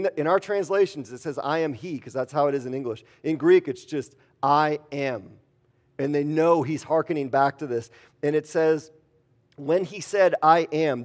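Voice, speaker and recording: A pastor with a darkish voice on the high side preaches an earnest sermon. He tells stories and acts out the quotes within them.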